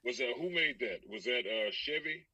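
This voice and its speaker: A man from Texas, a voice actor guest, telling a story in a casual, animated way, with laughter and many restarts. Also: medium pitch, moderate pace, dry recording, recorded from a distance, low-quality recording.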